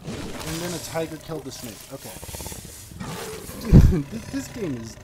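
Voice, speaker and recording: A man commentating a video game as he plays, talking to the characters and breaking into panicked yelps. His voice swings widely in pitch between muttering and shouting. Game sounds and roaring animals come through clearly behind him. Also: sing-song, normal speed, very noisy. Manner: frequent exclamations and filler words. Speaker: streamer playing a video game. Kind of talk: live gameplay commentary.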